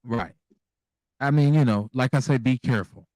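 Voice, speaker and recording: Blunt, animated male radio host. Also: mid-range voice, normal speed, no echo. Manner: candid, blunt, animated with profanity. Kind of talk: casual call-in radio talk.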